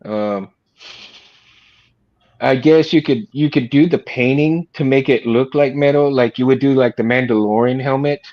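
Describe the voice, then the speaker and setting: A man's voice: medium pitch, normal speed, dull audio. A man who builds lightsabers, chatting casually and hesitantly on a livestream video call. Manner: hesitant, many fillers. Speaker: lightsaber maker.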